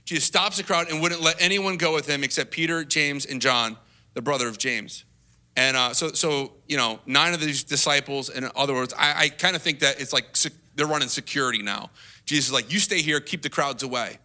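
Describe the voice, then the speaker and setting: A lead pastor preaching a sermon in a conversational way, acting out quotes in a higher voice and dropping to a soft hush at tender moments. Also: male voice, brisk. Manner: conversational, acts out quotes with rising pitch.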